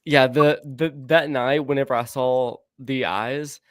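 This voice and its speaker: A man recounts a story in a loose, casual way, stumbling over his words and repeating himself. His voice sits at an ordinary middle pitch. The sound is dry and close, with no room around it. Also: fairly even intonation, clear, resonant tone, no echo. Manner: halting, stammering, laughs often.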